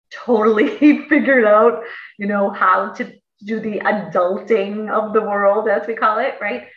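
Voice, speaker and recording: A woman's voice: mid-range voice, far from the mic. A woman talks through astrology in a loose, playful way and slips into slangy asides. She sounds set back from the microphone, in a roomy space with a slightly dull tone. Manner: chatty and playful, laughs often, slangy asides. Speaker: astrologer guest. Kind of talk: casual explanatory chat.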